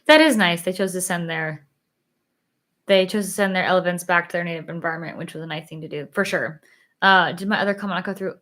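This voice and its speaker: A young woman livestream host chats casually with viewers, reading out their comments with a lowish, steady, slightly bright voice. She talks fast, giggles, fills her speech with "like," and sounds a little tired.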